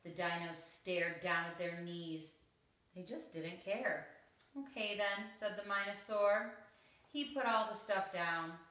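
A woman reads a children's picture book aloud, slow and expressive, following its rhyme. Her voice is bright and crisp. The sound is roomy and picked up from some distance. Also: lowish voice. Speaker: story reader. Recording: roomy echo, mic at a distance.

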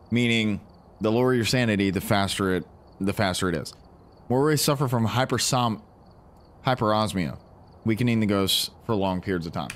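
A man giving casual, animated commentary while playing a ghost-hunting game and talking to his teammates. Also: fairly low pitch, moderate pace. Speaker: gaming streamer.

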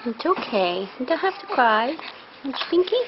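A woman's voice: sits high, sing-song, moderate pace. A woman filming her family at home, chatting casually, cooing to a baby and scolding her kids. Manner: chatty and plain-spoken, coos to a baby and scolds children. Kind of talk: casual home video chat. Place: indoors at home. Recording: dull lo-fi home video with background hiss.

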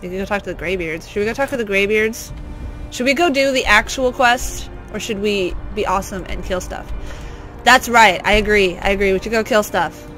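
A woman hosting a let's play, giving silly, excitable gameplay commentary and bursting into yells. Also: mid-range voice, brisk, faint music behind. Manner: excitable, silly, prone to sudden yelling.

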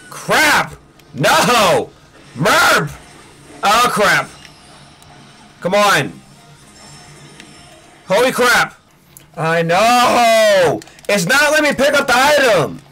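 A man streaming hard platform games, yelling, groaning and cursing at the game as he plays, with music behind him. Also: high-pitched, big pitch swings, drawn-out words, pauses often. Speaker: gaming streamer. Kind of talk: rage-quit gameplay commentary.

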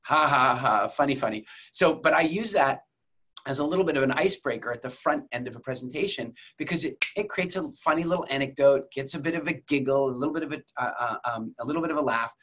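A man's voice: medium pitch, fast, a bit bright. A man coaching viewers on public speaking in a conversational masterclass, telling stories as examples and speaking straight to his audience. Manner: addresses viewers directly. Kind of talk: masterclass lecture.

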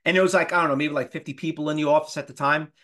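Man, 50s, higher-pitched instructor; animated lecturer who throws rhetorical questions at the room. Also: rapid-fire. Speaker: trading instructor. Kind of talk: live class lecture.

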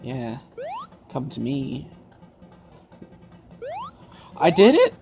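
A woman's voice: rumbling low, huge pitch swings, very slow, gravelly, over music. A woman doing casual let's-play commentary, exasperated, swearing a lot and talking to herself as she plays. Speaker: gaming video creator.

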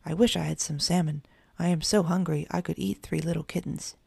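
A woman's voice: low voice, steady tone, fairly quick, creaky, mellow, husky, dry recording, full character voice. A woman voicing a jolly old bear grandfather who tells stories in rhyming sing-song speech.

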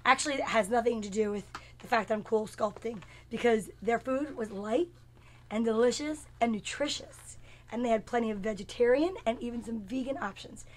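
A woman in her fifties, a comedian hosting her own show, chats casually with viewers and calls them by name. Her voice is a little high and her pace moderate, with slight background noise. She rambles playfully and mocks herself in this comic live chat.

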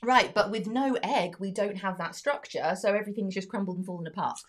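A woman's voice: mid-range voice, fairly quick. A woman presenting a live family science show, bubbly and explaining step by step.

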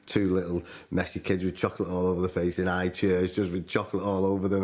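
A man's voice: low voice, completely flat delivery, quick pace, hardly any pauses, a little mellow. A young man, an expectant father of twins, chatting fondly in a documentary interview.

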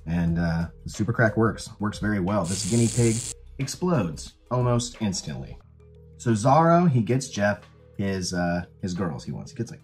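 A man with a fairly low voice talks through a movie plot in a loose, casual recap. He sounds amused and a little incredulous as he goes. Faint music plays behind him. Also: darkish tone. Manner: laughing, incredulous retelling. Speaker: movie reviewer.

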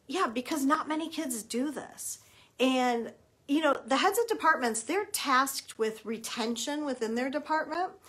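A middle-aged woman talks to parents as a college admissions consultant. Her voice sits a little high, and she speaks emphatically, stressing her key points. She slips into short acted-out bits of quoted dialogue along the way. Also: unhurried, a bit bright. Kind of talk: advice talk to parents.

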